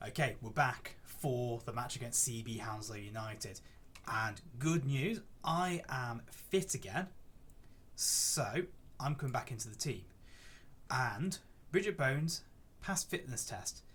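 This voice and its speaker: A young gaming YouTuber with a medium-pitched, slightly bright and breathy voice casually commentates on his football management game. He's chatty and gets exasperated quickly when the play is poor.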